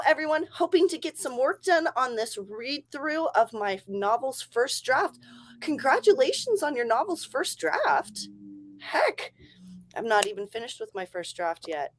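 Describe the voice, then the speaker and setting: A woman's voice: high-pitched, big pitch swings, measured pace. Chatty woman hosting a writing stream. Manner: chatty, rambling, laughs often. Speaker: livestream host. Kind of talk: casual livestream chat.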